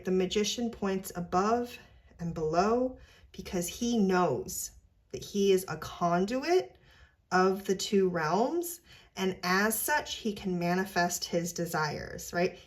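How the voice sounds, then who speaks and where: Slow, low-voiced woman giving a tarot reading. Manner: ends many sentences with a questioning "right?"; earnest, gently encouraging. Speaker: tarot reader. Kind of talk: unscripted spiritual tarot reading.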